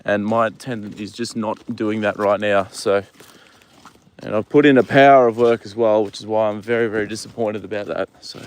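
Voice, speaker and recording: A man's voice: lowish voice, moderate pace, slight background noise. Laid-back young man chatting to his horse. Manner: relaxed, chatty, swears casually, coos at his horse. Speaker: livestream host with his horse. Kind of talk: casual chat reading viewer comments. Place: outdoors at a horse paddock.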